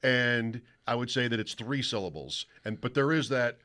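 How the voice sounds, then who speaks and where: A man's voice: medium pitch, normal speed, bright, forceful tone. A man hosting a sports radio show, talking casually in a rambling, self-interrupting way from the studio.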